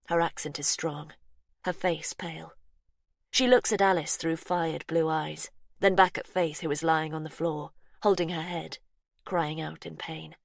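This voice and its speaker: A woman reading a suspense story aloud in slow, hushed, suspenseful narration. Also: low-pitched, level tone, creaky, no echo, clean studio sound. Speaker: audiobook narrator. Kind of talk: scripted narration.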